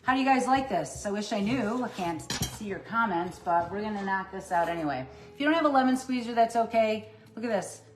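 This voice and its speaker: A woman's voice: mid-range voice, lively intonation, fairly quick, few pauses, over music. A woman coaching viewers on plant-based eating in a casual cooking livestream, upbeat and chatty while she chops and cooks in a kitchen. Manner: upbeat and chatty, addresses viewers as "you guys"; talks while chopping and cooking.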